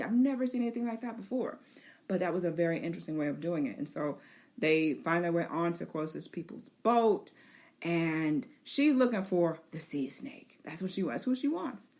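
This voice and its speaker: A woman's voice: on the low side, a little mellow. A woman host giving a casual, chatty recap of a TV episode, with laughing asides. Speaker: show host.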